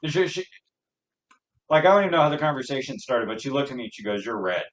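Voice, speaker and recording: A man in casual chat, relaxed and joking, who adds short stories and remarks. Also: mid-range voice, fast talker, lo-fi sound. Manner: relaxed, joking, chimes in briefly. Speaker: podcast co-host.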